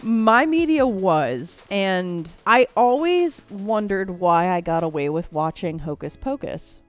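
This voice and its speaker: A woman's voice: medium pitch, big pitch swings, takes it slowly, soft background music. A woman in her thirties co-hosting a podcast in casual chat from her couch at home, chatty and laughing often. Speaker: podcast co-host.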